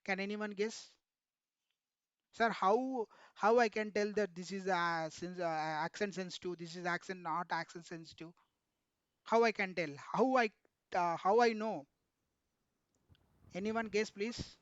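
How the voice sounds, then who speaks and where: An instructor with a high, smooth, resonant voice and a steady tone runs an online technical class, often stopping to quiz the students and calling them sir. The recording is dry and muffled.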